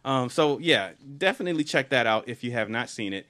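A man's voice: mid-range voice, lively intonation, a little fast, background noise. A man co-hosting a casual film podcast, talking enthusiastically with lots of fillers and restarts. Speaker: podcast co-host.

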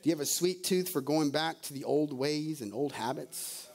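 A man's voice: a little high, moderate pace, creaky, a little mellow. A male pastor preaching a sermon, firing off rhetorical questions and calling out to the congregation. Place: church service.

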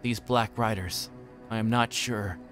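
A man's voice: on the low side, steady tone, measured pace, fairly bright tone, soft background music. A man voicing a tired, worried young male hobbit who speaks earnestly and hesitantly, in a book reading.

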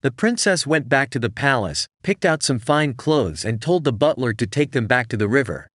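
Man, bedtime story narration, lively pitch, dry sound. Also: normal speed, no room sound.

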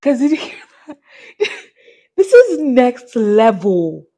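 A woman's voice: on the high side, very animated, slow, dark tone, breathy edge. A woman hosting a reaction vlog, gushing and full of exclamations as she talks casually to her viewers. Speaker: reaction channel host.

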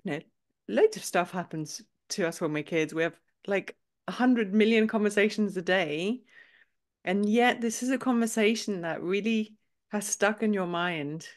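A woman's voice: mid-range voice, normal speed. A woman hosting an interview podcast, asking follow-up questions and affirming her guest. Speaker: podcast host, career coach.

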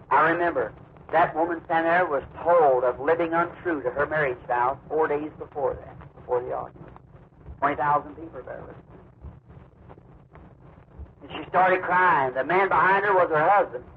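Preacher on a tinny old tape. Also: male voice, slight background noise. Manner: rising to excited high-pitched bursts when storytelling. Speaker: evangelist preacher. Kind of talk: sermon, testimony storytelling.

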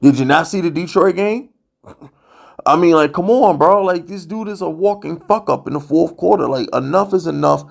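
A man's voice: on the high side, moderate pace, gravelly. A man ranting bluntly and profanely as a sports vlogger, exasperated and worked up. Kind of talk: heated sports rant.

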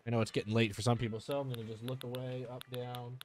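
A male streamer chatting casually and excitedly while playing a game, often swearing when surprised. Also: medium pitch, fast, slight background noise. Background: game music.

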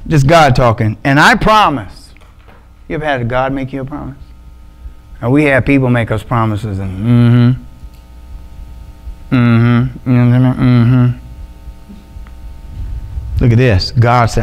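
A man's voice: mid-range voice, normal speed, pauses often, low-quality recording. A man with an Alabama accent preaching a casual, joking sermon full of slang. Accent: Southern US, Alabama. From Montgomery, Alabama. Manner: joking, loose and conversational, with slang. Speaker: pastor. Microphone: microphone with adjustable sound.

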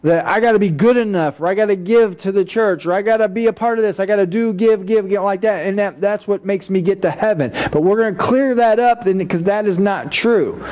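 Man, pastor, sermon, folksy and chatty, high voice. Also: fairly quick, few pauses, darkish tone. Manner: folksy, conversational, with frequent restarts and asides. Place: church.

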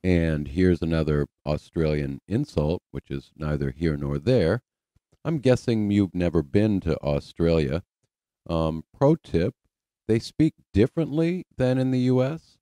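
A man's voice: deep voice, lively intonation, unhurried, dark tone, no echo. A man hosting a rebuttal commentary, delivering dry, sarcastic remarks. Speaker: channel host.

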